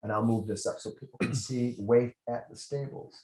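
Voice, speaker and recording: A man's voice: mid-range voice, steady tone, moderate pace, a little mellow, husky. A man running a tabletop game as game master, describing scenes with frequent restarts.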